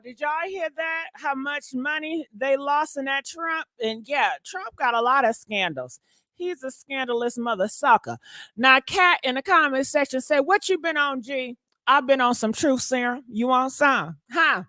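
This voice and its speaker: A woman's voice: sits high, moderate pace, bright, forceful tone, no echo, clean studio sound. A woman hosting a casual livestream, sassy and profane, talking straight to her chat and laughing often. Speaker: livestream commentary host.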